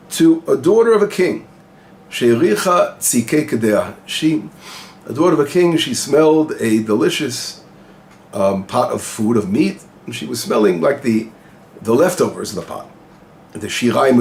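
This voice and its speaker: A man's voice: mid-range voice, lively intonation, moderate pace, darkish tone, a little hiss or hum. A male rabbi giving an informal Torah lesson, explaining Hebrew phrases and translating them as he goes, asking questions and answering them himself. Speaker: rabbi teaching the weekly Torah portion.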